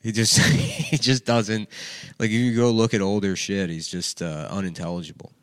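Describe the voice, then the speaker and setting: A man's voice: lowish voice, little pitch movement, normal speed, dry recording, studio quality. A man co-hosting a late-night podcast, talking casually and profanely and slipping into silly impressions. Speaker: podcast co-host.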